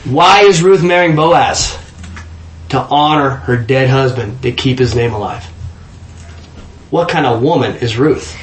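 A man's voice: medium pitch, a little slow, long pauses, reverberant, slight background noise. A man leading an informal Bible study, asking the group questions and often repeating words as he thinks.

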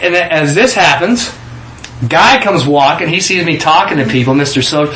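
A man's voice: fairly high pitch, lively intonation, moderate pace, fairly bright tone, echoey room, a little hiss or hum, rough recording. A man from Kansas telling a personal testimony in a casual storytelling way, acting out the quoted voices with frequent restarts. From Kansas, USA.

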